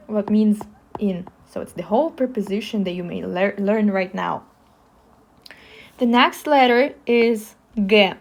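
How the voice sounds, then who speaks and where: A young woman with a Russian accent teaching the alphabet, speaking slowly and spelling out each sound with care. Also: on the high side, darkish tone. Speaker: language teacher. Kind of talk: slow alphabet lesson.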